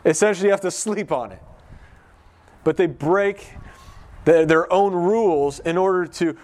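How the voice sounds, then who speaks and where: A man's voice: sits high, normal speed, long pauses, darkish tone. A man preaching a casual, conversational sermon, talking through a text and acting out the voices he quotes. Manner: conversational, acts out quoted voices, many restarts.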